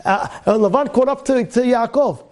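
A man giving a weekly Torah talk as a rabbi, animated, firing rhetorical questions and repeating his phrases. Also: very high-pitched, moderate pace.

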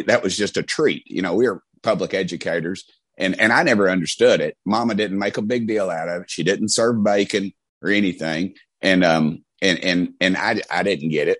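A man's voice: sits low, no echo. A middle-aged man with an East Tennessee Southern accent, telling folksy stories in a rambling interview style. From Knoxville, Tennessee. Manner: rambling, folksy, many restarts. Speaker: congressman guest. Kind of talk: casual storytelling interview.

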